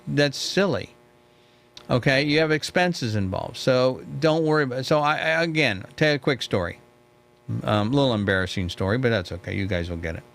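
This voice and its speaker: A man's voice: mid-range voice, fairly bright tone. A middle-aged man hosting a live mentoring talk, chatty and storytelling, who often checks in with "okay?". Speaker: host.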